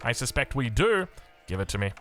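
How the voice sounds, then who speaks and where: A young Australian game caster talks fast through energetic esports commentary on a strategy game, his pitch swinging lively up and down. He's chatty and easygoing, drifting into rambling side stories between plays, with faint music in the background.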